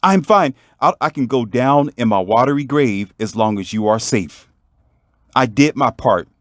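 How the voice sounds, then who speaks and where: A man's voice: mid-range voice, expressive, a little slow, no room sound, studio quality, natural voice. A man voicing a young brother who speaks earnestly to his sister. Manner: earnest, insistent. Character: devoted young brother who nearly drowned.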